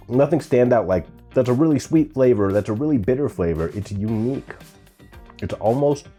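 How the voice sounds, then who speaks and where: Male vlog host, low mellow voice, relaxed and chatty, faint music behind. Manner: easygoing, chatty, admits he can't pronounce names. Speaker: gardening and pepper-tasting channel host. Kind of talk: casual vlog talk to camera.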